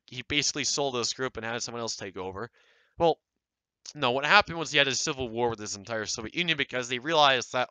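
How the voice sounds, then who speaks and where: A young man giving rambling, sarcastic commentary on online game groups, getting animated as he mocks them. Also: mid-range voice, clean tone, dry recording, low-quality recording. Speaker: video creator reviewing online game groups. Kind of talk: casual screen-recorded commentary.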